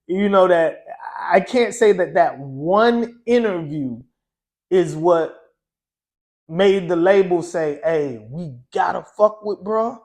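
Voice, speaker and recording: A man with a high-pitched speaking voice recounts a story as a guest on an interview show. His delivery is loose and conversational, with frequent "you know" and "um" as he talks. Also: slow pace, a little mellow. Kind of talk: casual storytelling.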